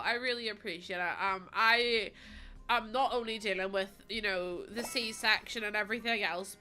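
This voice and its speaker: Bright-voiced woman streamer in pain. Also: mid-range voice. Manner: emotional, apologetic, breathing through pain. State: in pain, recovering from surgery. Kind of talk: casual chat to a livestream audience.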